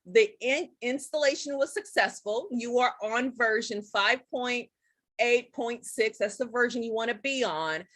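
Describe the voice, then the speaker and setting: A woman hosting a casual live-stream tutorial, chatty and excitable, talking straight to her viewers. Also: on the high side, no echo. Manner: chatty and excitable, addresses viewers as guys and y'all. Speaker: live-stream host teaching Zoom tips.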